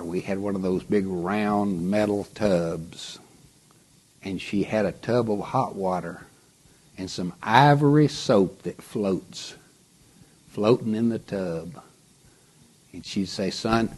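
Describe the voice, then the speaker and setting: A male pastor preaching a sermon, slow and dramatic, often dropping to a whisper for emphasis. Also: on the low side, a little mellow, breathy edge.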